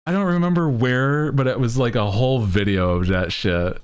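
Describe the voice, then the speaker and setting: A man's voice: mid-range voice, moderate pace, smooth. A man streaming, chatting casually and laughing often as he rambles.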